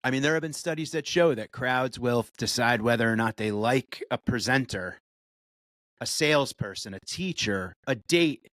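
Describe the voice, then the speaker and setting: A man's voice: medium pitch, lively intonation, normal speed, a bit bright, no room sound. A male stand-up comedian co-hosting a podcast, chatting casually with emphatic, profane riffs. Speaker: podcast co-host.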